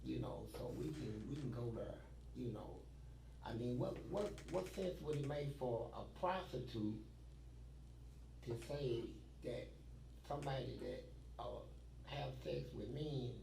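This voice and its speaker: A man's voice: medium pitch, lively intonation, unhurried, creaky, mellow, reverberant, distant mic, a little hiss or hum, rough recording. A man telling blunt, profane stories from prison life in a streetwise way, recorded in an interview.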